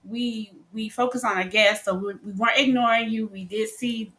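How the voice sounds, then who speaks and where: A woman's voice: fairly high pitch, steady tone, moderate pace, bright, forceful tone. A woman from Texas, co-hosting a casual live stream and chatting as she greets viewers by name.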